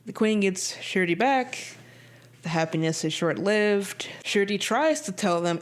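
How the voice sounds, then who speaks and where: Animated woman giving a casual movie review. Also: unhurried. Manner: animated, emphatic, jumps between high excited bursts and low drops.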